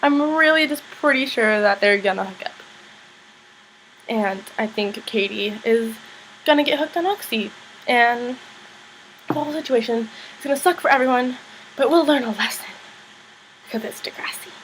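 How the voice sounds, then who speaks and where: A fairly high-voiced young woman chats her way through a TV recap, peppering every sentence with "like" and slipping into the characters' lines. Her talk is loose and unscripted, as if she were telling a friend. A faint hiss sits under the voice. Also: moderate pace, long pauses, a bit bright, poor audio. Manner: chatty, lots of "like", acts out characters' lines in higher voices. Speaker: vlogger recapping a TV show. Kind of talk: casual recap chat.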